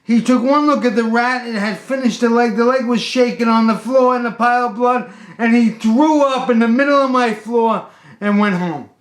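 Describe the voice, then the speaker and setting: A fussy, panicky homeowner with a high, shrill, whining voice, as a man puts him on while telling a story. He sounds hysterical and fretful, and a roomy echo hangs around every word. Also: moderate pace, a bit bright, lightly acted.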